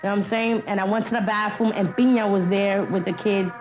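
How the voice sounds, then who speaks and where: A woman speaks candidly in a documentary interview. She is blunt and loose, full of street slang, at a middle pitch, with faint music under her voice. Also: steady tone, fairly quick, a little mellow, low-quality recording.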